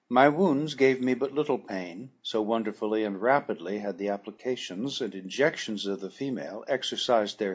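Husky-voiced male audiobook narrator. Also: mid-range voice, highs cut off. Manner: measured, formal storytelling. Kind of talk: scripted narration of a classic adventure novel.

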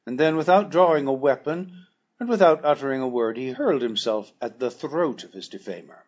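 A male narrator reads a classic adventure story in a measured, formal way, his voice mid-pitched and noticeably husky. The recording is dull and lo-fi, with the top end rolled off. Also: darkish tone. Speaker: audiobook narrator.

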